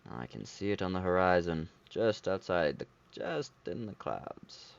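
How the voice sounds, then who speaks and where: Low, gravelly male let's-player with a lively, up-and-down delivery on a slightly muffled recording. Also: unhurried. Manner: rambling, talks to himself while playing. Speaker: let's play host. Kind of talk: casual gameplay commentary.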